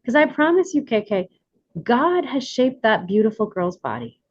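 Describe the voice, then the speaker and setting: A woman's voice: fairly high pitch, normal speed, muffled recording. A woman in her forties hosting a workshop, talking casually and animatedly to the group. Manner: animated, warm coaching tone with laughs. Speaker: workshop host.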